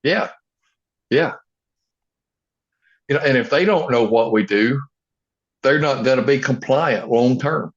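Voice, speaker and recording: A man talks in a middle-pitched voice, firm and earnest, with many short affirming phrases. The recording sounds a little dull and muffled. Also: slow, long pauses. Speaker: chiropractor, podcast co-host. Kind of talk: casual chat.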